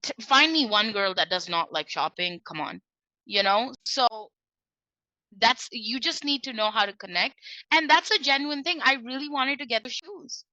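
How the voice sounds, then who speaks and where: A woman sharing sales tips as a trainer, telling stories in a lively way and acting out the dialogue. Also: fairly high pitch, normal speed, dry recording, dull audio.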